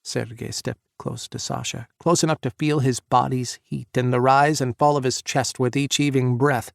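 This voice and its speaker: A man narrating an audiobook romance in a measured, intimate way. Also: medium pitch, fairly even intonation, gravelly, no room sound, clean studio sound. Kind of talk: scripted narration.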